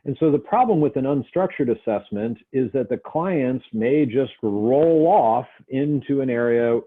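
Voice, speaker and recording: A man's voice: mid-range voice, lively intonation, a little slow. A male instructor giving a conversational lecture, acting out short example dialogues as he teaches. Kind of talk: recorded lecture. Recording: tinny phone-like audio.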